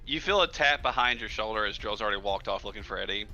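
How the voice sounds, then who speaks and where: Bright-voiced man running a tabletop game. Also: lowish voice, expressive, quick pace, muffled recording, soft background music. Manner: casual, swears freely, stumbles on words. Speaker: game master.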